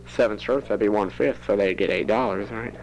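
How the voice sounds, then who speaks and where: A man's voice: fairly low pitch, brisk, vocal fry, a little hiss or hum, rough recording. A teenage boy rambling into a home cassette recorder for his audio diary, chatty and prone to giggling. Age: teens. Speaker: student keeping a tape diary.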